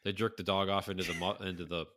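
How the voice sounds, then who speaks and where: Low-voiced man chatting in a rambling, profane way. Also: fast. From North Carolina. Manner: rambling, profane, with animated quoted impressions. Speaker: podcast co-host. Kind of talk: casual chat.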